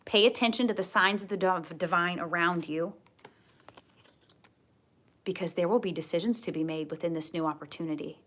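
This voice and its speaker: A woman giving a tarot card reading to camera, gentle and earnest, often repeating her key phrases. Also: lowish voice, moderate pace, long pauses. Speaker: tarot reader.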